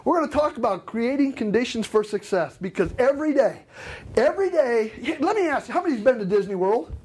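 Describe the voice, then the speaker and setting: A middle-aged man leads a customer service seminar with a slightly husky voice. His pitch swings widely as he jokes and acts out customers for the room. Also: brisk. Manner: animated, joking, acts out customers. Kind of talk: live seminar presentation.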